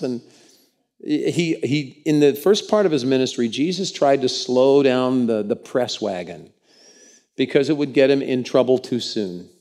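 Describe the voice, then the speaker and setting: A man's voice: medium pitch, a little slow. A man preaching a sermon in church, telling stories in a folksy, conversational way with many restarts. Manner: animated storytelling with repeated restarts. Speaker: pastor.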